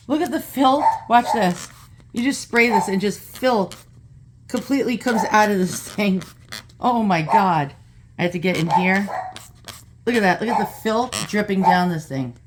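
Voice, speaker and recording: A woman vlogging in her home kitchen, out of breath and chatty, laughing often as she talks to the camera. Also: medium pitch. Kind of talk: casual chat to camera.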